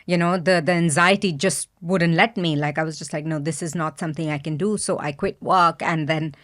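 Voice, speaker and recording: A woman's voice: low-pitched, steady tone, fairly quick, fairly bright tone. A young woman speaking as a podcast guest, talking frankly and hesitantly, with fillers and restarts. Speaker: podcast guest, brand founder. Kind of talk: candid interview conversation.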